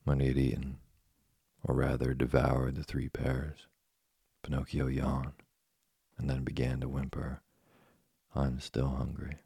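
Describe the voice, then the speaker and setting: A man narrating a classic tale as a bedtime story, in a steady, soothing manner. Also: rumbling low, a little slow, no room sound, studio quality. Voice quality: gravelly, husky. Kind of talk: slow bedtime story reading.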